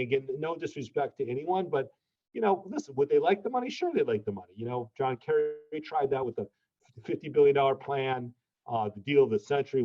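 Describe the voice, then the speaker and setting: A man's voice: mid-range voice, darkish tone, dull audio. A man speaking as an ambassador guest in a webinar, blunt and informal, restarting sentences and tagging them with "okay?". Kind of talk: candid webinar conversation.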